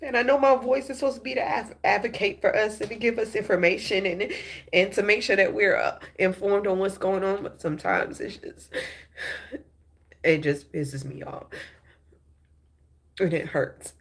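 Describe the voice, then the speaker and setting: A woman's voice: mid-range voice, moderate pace, creaky. A woman hosting a news and gossip show, giving emotional political commentary, upset and apologetic, restarting her sentences often.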